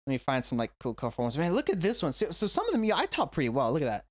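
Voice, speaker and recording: A man's voice: fairly high pitch, wildly swooping pitch, racing, dry recording, studio quality. A man, an English teacher, talking through a reaction video at home in a rambling, self-correcting way. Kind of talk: casual reaction vlog. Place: indoors at home.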